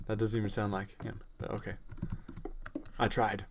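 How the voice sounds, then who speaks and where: A man's voice: lowish voice, steady tone, normal speed. A man with a sore, tired voice giving casual gameplay commentary, rambling to himself and joking at his own expense. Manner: rambling, self-mocking, talks to himself. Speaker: let's play gamer.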